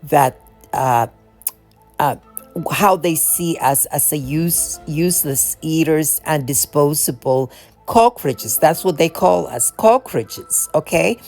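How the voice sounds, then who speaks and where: Low-pitched woman, impassioned monologue, repetitive, faint music behind. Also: takes it slowly, a little mellow. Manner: impassioned, repetitive, with frequent restarts. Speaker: video creator. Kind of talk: monologue to camera.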